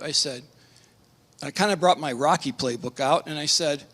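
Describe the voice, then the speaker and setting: A middle-aged man, a pastor, telling a personal testimony at a conference, earnest and emotional, with halting restarts. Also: a little high, bright, forceful tone. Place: conference hall. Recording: reverberant conference hall.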